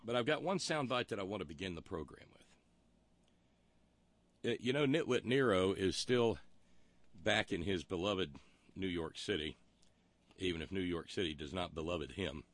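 A man's voice: sits low, expressive, moderate pace, long pauses. A man hosting a talk show, delivering a wry, rambling monologue full of historical asides. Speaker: radio talk show host.

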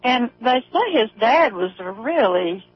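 A woman's voice: a little high, big pitch swings, unhurried, breathy edge, no room sound. A woman calling in to a radio show, chatting about politics and laughing often. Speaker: caller. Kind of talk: phone-in chat. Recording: muffled lo-fi phone-in line.

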